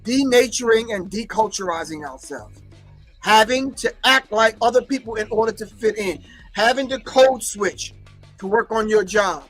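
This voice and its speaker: A man's voice: high-pitched, moderate pace, fairly bright tone, faint music behind. A man hosting an online show who comments on archival clips, preaching emphatically and repeating key phrases. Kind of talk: commentary on a recorded lecture.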